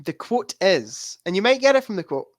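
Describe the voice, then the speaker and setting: A man's voice: sits high, very animated, fairly quick, dry recording, studio quality. A man co-hosting a podcast, quizzing his friend on movies in casual chat and laughing as he gives clues. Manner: laughs while giving clues. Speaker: podcast co-host quizzing a guest.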